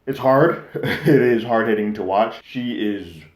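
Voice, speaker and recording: A man hosting a casual spoken TV review, talking conversationally with many fillers and lively quoted asides. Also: lowish voice, unhurried, reverberant. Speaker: podcast host reviewing a TV series.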